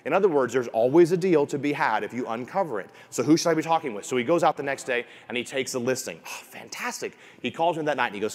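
Energetic male real estate coach. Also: mid-range voice, fast talker. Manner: energetic, repeats key lines, acts out quoted clients. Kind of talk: motivational seminar talk. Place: room with an audience. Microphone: wearing a mic.

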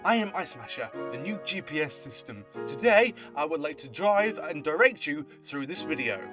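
A man's voice: a little high, very animated, moderate pace, over music, pitched below the performer's own voice. A man voicing a formal male GPS navigation machine, giving stiff, announcer-like directions.

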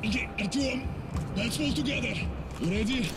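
An actor playing a soldier in a video game, giving short radio-style commands. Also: male voice, very high-pitched, normal speed, heavy background noise. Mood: curt. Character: gruff adult male soldier in the tunnels. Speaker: soldier escorting the player. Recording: game audio under loud music.

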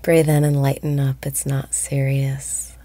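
A woman guiding a meditation, speaking slowly and softly, often breathy and whispered. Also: very deep voice, level tone, dry recording. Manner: slow, soft-spoken, often breathy and whispered. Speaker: meditation guide. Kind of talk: guided meditation.

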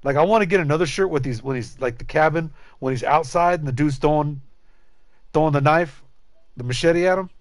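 In a fairly high-pitched voice and a brisk pace, a man streaming a game chats to viewers with jokes, rambling asides, and plenty of profanity. The recording has no room sound.

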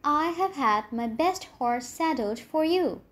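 A woman's voice: sits high, lively intonation, takes it slowly. A woman voicing a caring queen giving earnest warnings to her daughter in a storybook reading. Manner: earnest, cautioning.

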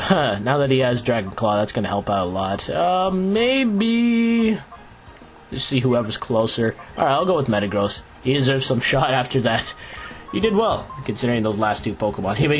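Excitable man commenting on gameplay. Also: medium pitch. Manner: excitable, laughs often, chatty. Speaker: Let's Play host. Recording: game music playing underneath. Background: video game music.

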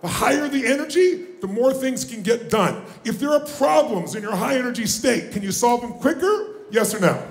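Booming motivational speaker, echoey hall. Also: male voice, expressive, moderate pace, hardly any pauses. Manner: booming, exhorting, calls for audience response. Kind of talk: live motivational seminar talk. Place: large conference room with audience. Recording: echoey live room with faint noise.

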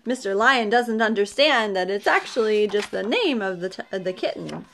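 A woman's voice: mid-range voice, expressive, normal speed, gravelly, a bit bright, slight background noise. A woman storyteller reading a children's book aloud, adding chatty asides with laughs.

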